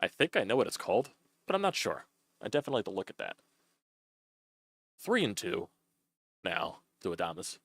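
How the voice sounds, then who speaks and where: Man, very low pitch, dry sound, casual play-by-play streamer, chatty, swears a lot. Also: big pitch swings, normal speed, gravelly, long pauses, a bit bright, breathy edge, no room sound. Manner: chatty, loose, swears often. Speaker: sports streamer calling a baseball game.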